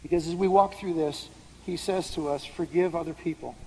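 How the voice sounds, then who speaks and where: A man's voice: a little high, steady tone, a little fast, mellow, husky. A man preaching a sermon, explaining scripture in a conversational way and putting questions to the room. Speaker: pastor. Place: large hall with an audience. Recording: hall reverb with faint background noise.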